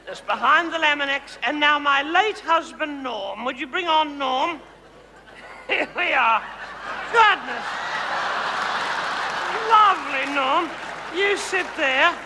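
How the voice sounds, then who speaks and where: A man's voice: extremely high pitch, slow pace, long pauses, crowd noise, noisy background, full character voice. A man performing a flamboyant suburban housewife turned megastar, gushing and condescending, directing volunteers in a comedy stage show. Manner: theatrical, condescending, gushing endearments. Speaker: host directing audience volunteers. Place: large hall. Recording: reverberant hall with audience.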